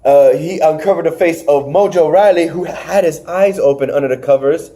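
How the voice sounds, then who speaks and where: A man hosting a casual wrestling review podcast, recapping matches with animated retellings and acted-out lines. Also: on the high side, moderate pace. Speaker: podcast host.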